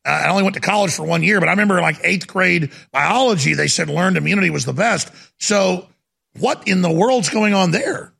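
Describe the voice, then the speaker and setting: A man's voice: high voice, fairly quick, vocal fry, pushed and bright, breathy edge. A man hosting a talk show, interviewing a guest in an indignant, rambling way and cutting in often. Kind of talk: heated interview.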